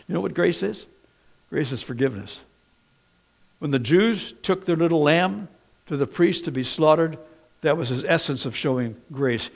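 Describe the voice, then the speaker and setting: A man preaching a sermon, talking conversationally and telling personal stories, swinging between loud exhortation and soft, low asides. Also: animated, normal speed, gravelly. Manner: conversational, personal storytelling with fillers. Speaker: pastor.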